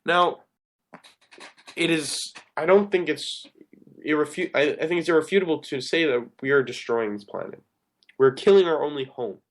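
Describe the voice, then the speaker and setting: A male radio host delivers an earnest, rambling talk-show monologue, often correcting himself mid-sentence. His voice is on the high side, at normal speed.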